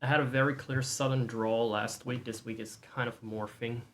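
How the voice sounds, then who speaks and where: Male streamer with a mid-range voice, soft, rambling, self-deprecating, low-key chat. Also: fairly even intonation, moderate pace, a little hiss or hum. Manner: soft-spoken, rambling, self-mocking with light laughs. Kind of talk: quiet casual chat.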